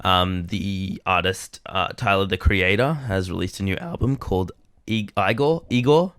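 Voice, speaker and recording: Young man, low voice, rambling casual podcast chat, dry close mic. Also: fairly even intonation, normal speed, a bit bright, clean tone, dry recording. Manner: rambling, with lots of fillers. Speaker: podcast co-host.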